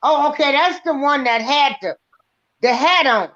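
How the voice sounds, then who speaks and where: A woman on a live stream panel, giving an unhurried, drawn-out recap with fillers in casual talk. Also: sits high, fairly bright tone. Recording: dull, muffled stream audio.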